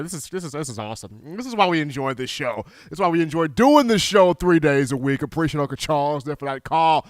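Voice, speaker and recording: A man hosting a sports call-in show, upbeat and animated as he greets callers. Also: a little high, fast talker, hardly any pauses, no echo, clean studio sound. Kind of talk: sports radio call-in talk.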